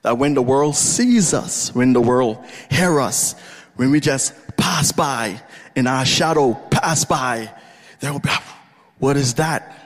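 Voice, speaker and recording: A man preaching a sermon with fervent passion, moving from low, measured speech to bursts of shouting. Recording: long reverb of a large hall.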